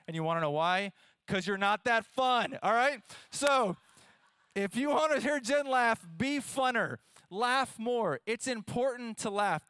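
A man in his thirties preaching a sermon, playful and animated, talking straight to his audience. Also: sits high, clear, resonant tone, no echo. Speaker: pastor.

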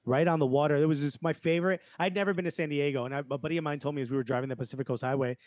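A man tells stories as a comedian in a relaxed podcast chat. His voice sits a bit high for a man and he acts out both sides of each exchange, laughing as he goes. The sound is dry and close. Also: rapid-fire, dry recording. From New York. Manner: animated storyteller, acts out dialogue, laughs often. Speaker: comedian guest.

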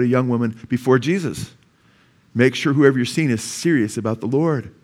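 A man's voice: medium pitch, normal speed, a little mellow. Middle-aged guy pastor, casual storytelling sermon, keeps checking in with the crowd. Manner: conversational preaching with personal stories and frequent "amen?". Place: church.

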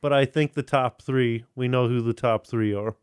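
A man's voice: medium pitch, fairly even intonation, normal speed, a little mellow, clear, resonant tone, no echo, clean studio sound. A man hosting a podcast, chatting casually, rambling, swearing and restarting often. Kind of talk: casual chat.

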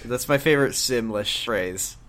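A woman's voice: rumbling low, normal speed, a bit bright. A woman co-hosting a casual group chat, joking and laughing often. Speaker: co-host.

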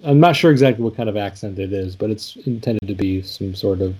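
A podcast co-host with a fairly low, warm, husky voice talks briskly in a casual chat, thoughtfully walking through song lyrics with many fillers and restarts.

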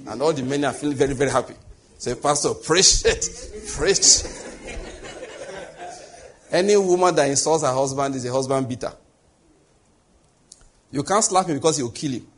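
A man's voice: mid-range voice, fast, pauses often. A man preaching a conversational sermon as a pastor, full of rhetorical questions.

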